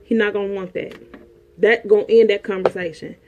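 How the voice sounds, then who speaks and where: A woman's voice: medium pitch, steady tone, a little fast, dull audio, background noise. A woman counselor giving frank relationship advice in an emphatic, preachy way, repeating her points. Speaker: sexologist and counselor host.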